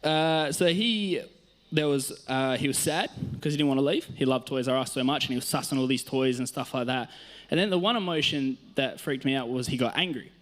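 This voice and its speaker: A man's voice: medium pitch, brisk, fairly bright tone. An Australian man, a youth worker, telling stories in a casual sermon on a church stage, chatty and self-mocking, laughing often.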